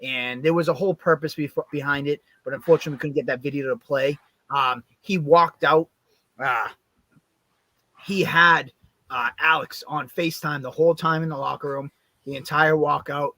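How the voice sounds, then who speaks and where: A man co-hosting a fight recap show, chatting casually in an animated, rambling way with plenty of fillers. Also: a little high, moderate pace, dry recording. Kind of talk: casual chat.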